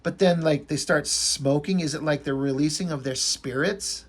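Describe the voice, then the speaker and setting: A man's voice: a little high, normal speed, slightly rough. A man giving a casual, enthusiastic review of a comic book, rambling a little with fillers.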